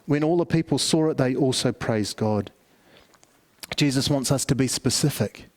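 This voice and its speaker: A man's voice: mid-range voice, moderate pace. A middle-aged man preaching a family service sermon, telling stories conversationally with many restarts. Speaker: pastor.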